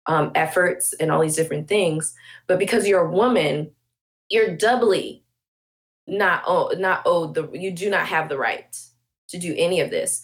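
A woman with a fairly low pitch speaks a little slowly as a guest in a conversational podcast interview. Passionate and emphatic, she builds her points through rhetorical questions.

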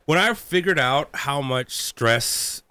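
A man hosting a casual interview, reflecting on his own habits and warmly chiming in with agreement. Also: medium pitch, animated, slow, clear, resonant tone, dry recording. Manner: affirming, chimes in with frequent agreement. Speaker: podcast host.

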